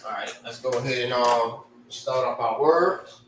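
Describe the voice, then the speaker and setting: A man's voice: medium pitch, unhurried, reverberant, recorded from a distance, background noise. A man teaching a casual language lesson, spelling out sounds and often checking in with "right?".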